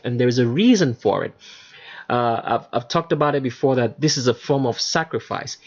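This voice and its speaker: A man's voice: mid-range voice, muffled recording. A man hosting his own channel, talking emphatically in a solo monologue over pictures, with many fillers and restarts. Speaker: channel host.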